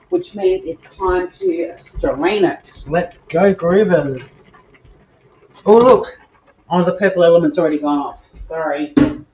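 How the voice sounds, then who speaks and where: A woman's voice: fairly low pitch, highs cut off, a little hiss or hum. An Australian woman hosting a live cooking stream from her home kitchen, chatting to viewers in a bubbly way as she cooks. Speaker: cooking show host.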